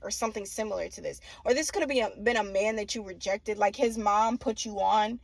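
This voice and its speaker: A woman's voice: mid-range voice, brisk, gravelly, no room sound. A young woman giving a casual tarot reading, blunt and profane, often laughing and mimicking people. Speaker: tarot reader.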